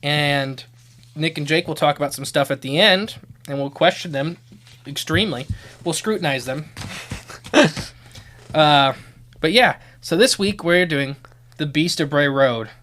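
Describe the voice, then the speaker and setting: A male podcast host in loose, casual chat. His voice sits a touch high, and he rambles through his points with frequent laughter. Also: unhurried, pauses often, fairly bright tone.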